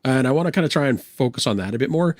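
A man's voice: medium pitch, lively intonation, no room sound. Chatty man, dry close sound. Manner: chatty, quick to apologize after slips. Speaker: co-host. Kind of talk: casual livestream chat.

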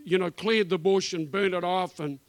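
A man preaching a sermon in a church, his voice sitting high for a man. He builds points in emphatic, repeated phrases and drops into casual asides. The sound is close and dry, with little room around it. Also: fairly even intonation, normal speed, no room sound. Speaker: guest preacher.

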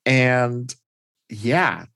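A man's voice: medium pitch, expressive, very slow, creaky, a bit bright, dry recording. Rambling man recapping a comic. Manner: rambling, many "like"s and restarts. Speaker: podcast host.

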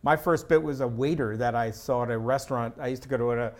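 A man's voice: medium pitch, quick pace. A middle-aged man, a comedian guest, telling stories in casual chat and slipping into impressions of people. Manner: animated, drops into impressions of people.

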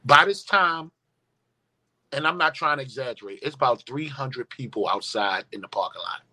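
Animated man, bright voice. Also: medium pitch, moderate pace. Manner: animated, emphatic, profane storytelling. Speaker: guest. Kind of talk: storytelling in casual conversation.

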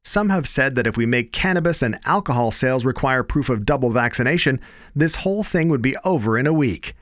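A Canadian man reading satirical news headlines in a dry, deadpan anchor style. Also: medium pitch, fairly quick, dry recording. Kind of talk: deadpan comedy news delivery.

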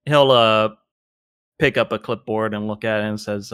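A man narrating a tabletop game as game master, halting and full of filler words. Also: fairly low pitch, fairly even intonation, a bit bright, smooth, dry recording, clean studio sound.

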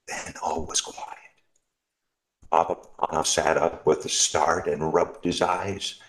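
A man reading a Christmas story aloud in a slow, expressive storytelling manner. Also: deep voice, poor audio.

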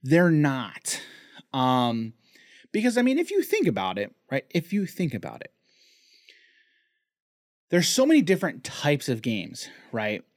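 A man's voice: fairly high pitch, huge pitch swings, measured pace, long pauses, dry recording, studio quality. A man co-hosting a casual podcast, talking in loose rambling sentences full of restarts and fillers. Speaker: podcast co-host.

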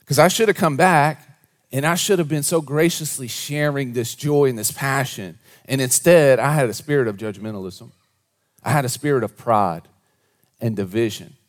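A man preaching a sermon to a congregation, moving between hushed, low asides and animated, raised storytelling. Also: normal speed. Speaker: pastor.

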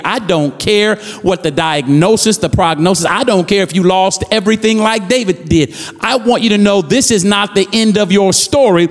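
A man's voice: high voice, long reverb tail. A man preaching a fervent sermon as pastor, repeating phrases and building with rising calls to the congregation.

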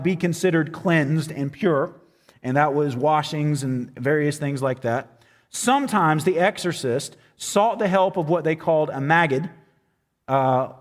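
A man's voice: a little high, big-room sound. A man preaching a sermon in a casual, conversational way, with fillers and quotes he acts out. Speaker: pastor.

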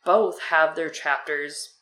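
A woman's voice: sits low, slow pace, sharp tone, echoey room, low-quality recording. A young adult woman co-hosting a casual book discussion, reading passages aloud with playful asides. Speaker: podcast co-host.

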